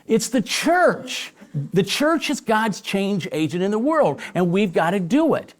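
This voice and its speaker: A pastor talks in a live on-stage interview, emphatic and full of energy. His voice sits a little high for a man, and he stumbles over repeated words as he pushes his points. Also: sing-song, measured pace. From Chicago area. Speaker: pastor and guest speaker.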